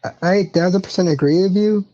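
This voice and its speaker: A man's voice: high voice, brisk, mellow, dull audio. A man co-hosting a casual wrestling podcast, chiming in with laid-back comments. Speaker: podcast co-host.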